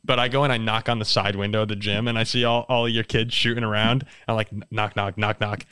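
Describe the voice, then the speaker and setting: A man's voice: on the low side, brisk, clear, resonant tone, no echo, clean studio sound. A man hosting a casual sports podcast, telling stories with lots of laughter. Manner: animated storyteller, laughs often. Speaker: podcast host.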